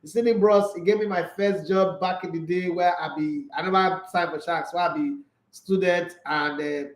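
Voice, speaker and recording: High-voiced animated Nigerian man. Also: moderate pace, echoey room. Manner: animated, laughs often, mixes Pidgin and English. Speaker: sports livestream host. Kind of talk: casual sports chat.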